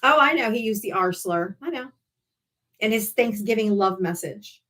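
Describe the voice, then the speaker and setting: A woman's voice: mid-range voice, lively intonation, moderate pace, a bit bright. Profane, mocking woman livestreamer. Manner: profane, mocking, heated and sarcastic. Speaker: live-stream political debate host. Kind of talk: casual livestream rant.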